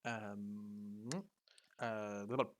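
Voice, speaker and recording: A man's voice: fairly low pitch, flat delivery, drawn-out words. Hesitant man running a tabletop game. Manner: hesitant, many fillers and restarts. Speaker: game master. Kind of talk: explaining tabletop game rules.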